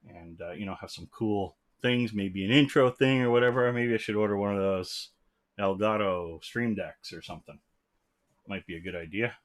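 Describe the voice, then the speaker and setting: A man's voice: lowish voice, normal speed. A man hosting a live stream from his room, rambling casually and greeting viewers as they join. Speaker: livestream host. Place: home room. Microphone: desk mic.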